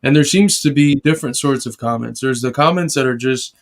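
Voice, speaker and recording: A man with a gravelly, mid-pitched voice chats on a livestream, easygoing and agreeable. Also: brisk. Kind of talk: livestream commentary.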